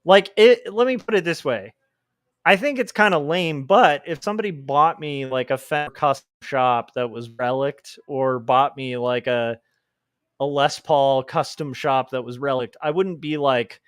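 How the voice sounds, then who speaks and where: A man's voice: mid-range voice, a little slow, dry recording, clean studio sound. A man livestreaming while he draws comics, chatting casually and reading out chat messages, with rambling asides and chuckles.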